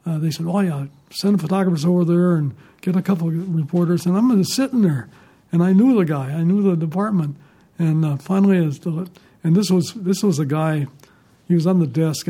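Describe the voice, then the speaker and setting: Older male ex-reporter, mellow and fairly high, chuckling raconteur. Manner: rambling, chuckling anecdotes. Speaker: retired newspaper reporter. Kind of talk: storytelling in an interview.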